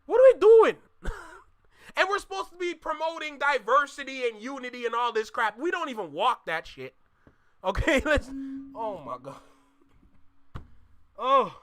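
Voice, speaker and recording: A man's voice: very high voice, big pitch swings, moderate pace, pauses often, pushed and bright. A young man from Canada, hosting a casual live reaction stream, talking animatedly to his chat with exclamations and slang. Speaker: reaction channel host.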